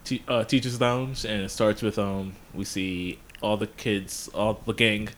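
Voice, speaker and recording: Low-voiced man casually recapping a cartoon. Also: steady tone. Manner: rambling retelling with quick put-on voices for characters. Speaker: podcast co-host. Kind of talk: casual chat, recapping episodes.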